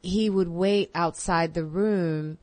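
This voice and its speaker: A woman's voice: on the low side, fairly even intonation, slow pace, darkish tone, no echo. A middle-aged woman comedian chatting on a talk show, laughing often and mimicking other comics. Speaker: comedian guest. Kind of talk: casual talk show chat. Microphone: studio microphone.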